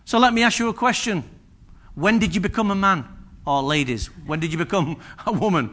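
An older man delivers a sermon to a church congregation, leaning on personal stories and questions to the room. His voice sits high and sounds bright and forceful. He keeps the telling lively throughout. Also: a little fast. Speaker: preacher.

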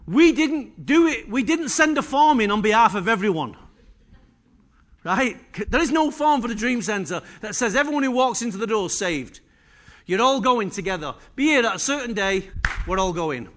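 Man, high voice, preaching, emphatic, rhetorical questions, church service. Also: lively intonation, normal speed, a bit bright. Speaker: pastor. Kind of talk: sermon.

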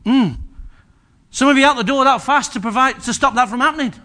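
An older man delivers a sermon to a church congregation, leaning on personal stories and questions to the room. His voice sits high and sounds bright and forceful. He keeps the telling lively throughout. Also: a little fast. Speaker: preacher.

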